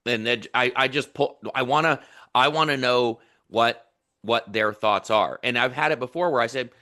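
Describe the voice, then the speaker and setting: A man co-hosting a real estate coaching session, animated and getting fired up as he acts out conversations with clients. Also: medium pitch, moderate pace. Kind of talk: coaching a live training session.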